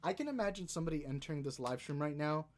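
A man hosting a live stream, chatting casually and rambling while reading chat and browsing, now and then bursting into excitement. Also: a little high, racing. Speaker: podcast host streaming live.

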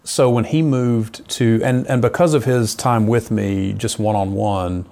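Gravelly low-voiced man telling his story. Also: measured pace. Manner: earnest storyteller, lively retelling. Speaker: missionary. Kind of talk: personal testimony in conversation.

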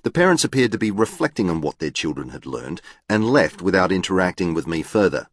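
A man narrates an audiobook with a deep voice in a formal, exact and literal manner. His delivery rises and falls in a lively way and sounds close and dry. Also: a little fast, dry recording. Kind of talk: scripted narration.

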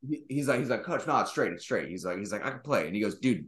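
A man's voice: fairly low pitch, expressive, fast talker, a bit bright. A man co-hosting a podcast, telling rambling, profane sports stories and acting out quotes. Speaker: podcast co-host. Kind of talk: casual sports chat.

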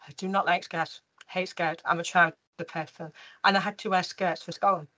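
A British woman with a fairly low pitch speaks at a moderate pace, recounting her life story energetically as an interview guest and often restarting or using fillers. The recording is muffled.

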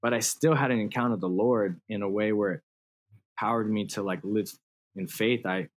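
Man, thirties, low voice, guest in a casual interview, laughs often, slangy. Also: moderate pace. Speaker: guest musician.

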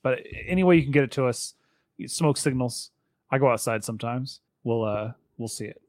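Guy cohosting a podcast, rambly and chatty, mid-pitch voice, dry close mic. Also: a little mellow, no echo. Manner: chatty, rambling, quick asides. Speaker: podcast co-host. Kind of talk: casual podcast chat.

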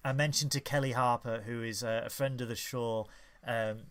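A man's voice: mid-range voice, fairly even intonation, normal speed, a bit bright, smooth. A man co-hosting a podcast in casual chat, jokey and playful. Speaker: podcast co-host.

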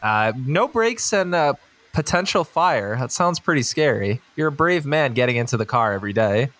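A man's voice: mid-range voice, animated, normal speed, fairly bright tone, slight background noise. A man co-hosting a podcast, chatting casually, joking and asking the others questions. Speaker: podcast co-host. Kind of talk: casual chat.

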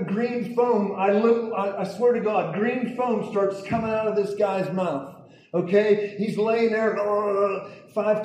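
A man's voice: high-pitched, a little mellow. A man preaching and telling a testimony to a congregation, talking emphatically, repeating himself and checking in with "okay?". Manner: emphatic, repeats words, asks audience "okay?". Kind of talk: sermon testimony storytelling. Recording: echoey hall, distant mic, faint noise.

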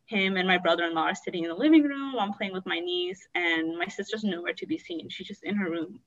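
A woman's voice: on the low side, brisk, recorded from a distance, dull audio. A woman candidly recounting a painful personal story in a rambling, emotional way. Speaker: guest sharing her story.

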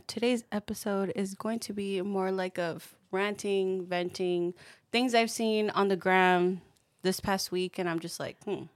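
A woman hosting a casual podcast, relaxed and giggly, her voice still coming back after being sick. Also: medium pitch, slow pace. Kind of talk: casual chat.

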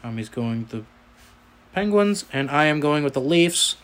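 A man's voice: fairly high pitch, expressive, normal speed, fairly bright tone. Man, Southern drawl, sports podcast host, casual banter. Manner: reads out matchups, then banters.

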